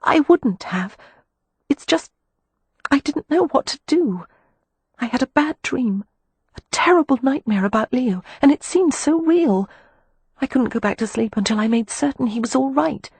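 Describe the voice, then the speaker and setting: Anxious young sister, pitched high and pleading, read by a woman narrator; dry, husky. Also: animated, a little slow, darkish tone, no echo.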